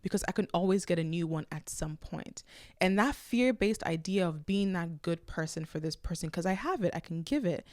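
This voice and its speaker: A woman with a fairly low voice hosts her own podcast and talks frankly to the listener. She tells personal stories in a relaxed, lively way, and the sound is dry and close, with no room echo. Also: moderate pace. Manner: candid, conversational, animated storytelling. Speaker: podcast host. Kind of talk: casual solo podcast talk.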